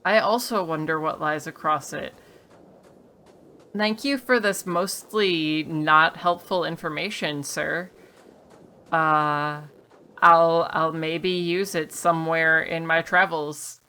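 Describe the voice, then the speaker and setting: A woman's voice: low-pitched, fairly even intonation, slow, pushed and bright, clear, resonant tone. A woman giving casual, wry commentary on a game she is playing, reading the dialogue aloud and joking about it. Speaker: let's play streamer.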